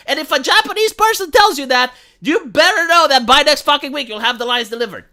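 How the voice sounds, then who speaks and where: A woman with a Montreal accent ranting profanely to her live-stream audience. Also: sits high. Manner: profane, exasperated, fast and animated. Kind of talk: casual live-stream rant.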